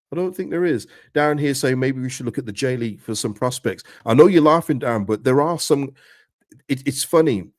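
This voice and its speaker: A middle-aged man hosting a casual livestream, chatting to viewers in a lively way and often calling them "people". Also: medium pitch, dry recording, clean studio sound. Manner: chatty, animated, repeats words and addresses viewers as "people". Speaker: host of a fan livestream reading chat.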